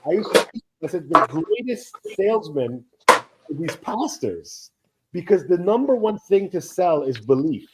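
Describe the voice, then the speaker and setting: A man's voice: high voice, a little slow, heavy background noise. A man in his thirties telling long, rambling stories on a casual live co-stream, acting out the people he quotes. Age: 30s. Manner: rambling anecdotes, animated quoting of others. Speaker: co-stream host. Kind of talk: casual storytelling chat.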